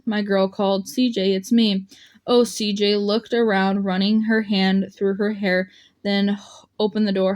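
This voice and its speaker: A woman's voice: medium pitch, level tone, unhurried, a little mellow. A woman narrating an audiobook, voicing the dialogue lightly, with small slips and restarts. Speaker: audiobook reader.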